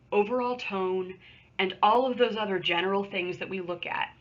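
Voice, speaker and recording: A woman's voice: medium pitch, bright, forceful tone, breathy edge, dull audio. A woman teacher giving a recorded remote English lesson, explaining patiently in a conversational way with small asides, recorded at home on a computer microphone. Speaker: high school English teacher.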